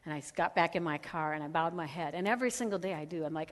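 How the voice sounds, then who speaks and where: A middle-aged woman speaker telling a lively, laughing story at a women's conference, acting out the voices of the people in it. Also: low voice, rapid-fire. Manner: animated, laughing, acts out quoted voices. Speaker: radio host and conference speaker. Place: large conference hall. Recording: hall reverb.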